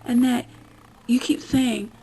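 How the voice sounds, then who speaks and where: A woman's voice: fairly high pitch, level tone, takes it slowly, dark tone, husky, rough recording. A woman vlogger ranting bluntly with lots of swearing, sounding fed up. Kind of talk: ranting commentary vlog.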